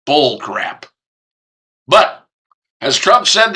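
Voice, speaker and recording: Man, 70s, talk show host, folksy, emphatic, slightly high voice, bright tone. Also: animated, measured pace, long pauses. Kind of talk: opinionated political commentary.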